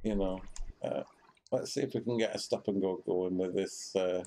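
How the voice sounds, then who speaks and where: A man's voice: deep voice, fairly even intonation, normal speed, warm tone. A man giving casual commentary while streaming a fishing game, rambling with many fillers and restarts.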